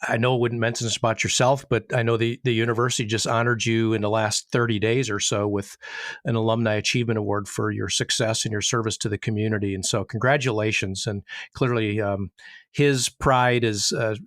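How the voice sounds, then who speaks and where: A middle-aged man co-hosting a podcast, speaking in a measured, complimentary way to thank and congratulate a guest. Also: on the low side, fairly even intonation, a bit bright, dry recording, studio quality. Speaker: podcast co-host.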